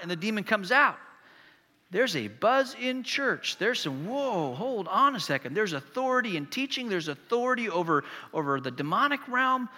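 Pastor, man, high and very forceful delivery, long church reverb; tells the story like he's there. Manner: vivid storytelling, addressing the congregation directly. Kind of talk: sermon.

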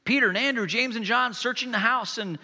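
Man preaching in a big echoey church, sharp bright voice, talks right to the crowd. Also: very high-pitched, a little fast. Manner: vivid storytelling, addressing the congregation directly. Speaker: pastor. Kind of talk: sermon.

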